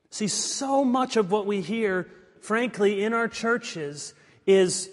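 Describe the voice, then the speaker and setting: A man's voice: high-pitched, expressive, slow. Preaching man in a reverberant hall. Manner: emphatic preaching that swings between ringing declarations and hushed, confiding asides. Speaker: pastor. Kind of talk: sermon. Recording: long reverb of a large hall.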